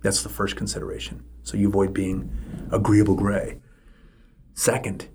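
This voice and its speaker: A man's voice: lowish voice, completely flat delivery, moderate pace, long pauses, darkish tone, slight background noise. A middle-aged man hosting a solo podcast, talking emphatically and repeating his points for stress. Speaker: podcast host.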